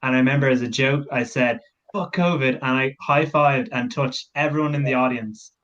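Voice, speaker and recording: A comedian chatting casually, telling a rambling story quickly. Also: male voice, mid-range voice, a bit bright, highs cut off. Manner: quick, rambling anecdotal chat.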